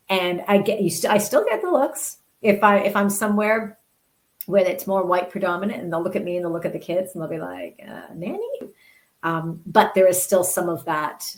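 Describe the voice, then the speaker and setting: A woman's voice: on the low side, a little mellow, low-quality recording. Earnest woman telling a story. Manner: earnest, restarts and repeats words. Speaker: interview guest, journalist. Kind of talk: candid personal storytelling.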